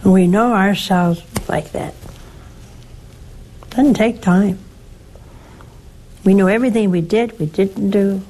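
A woman, a nun hosting a religious call-in show, gently and earnestly counseling a caller. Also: mid-range voice, slow pace, pauses often.

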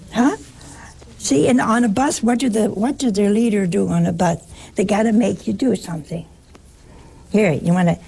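An American woman, a nun, giving a chatty talk to an audience, telling stories with animated asides. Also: mid-range voice, gravelly, slightly rough. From United States. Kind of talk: casual spoken talk to an audience.

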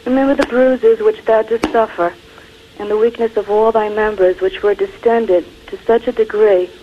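A woman calling in to a show, earnestly reciting a traditional prayer in a measured way. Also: medium pitch. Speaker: caller. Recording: muffled phone line with faint hiss.

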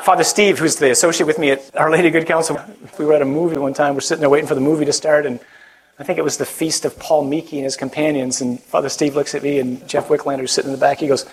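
A priest giving a conversational sermon to a live audience, with self-deprecating humor. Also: male voice, fairly high pitch, steady tone, quick pace, a crowd in the background, low-quality recording. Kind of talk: sermon to a young adult group.

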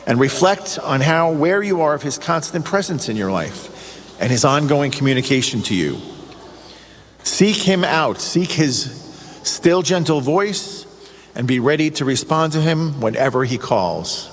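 A man's voice: fairly high pitch, animated, unhurried, big-room sound, a little hiss or hum. A man preaching a radio sermon, earnest and emphatic, with lots of rhetorical questions. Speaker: radio show host giving a reflection.

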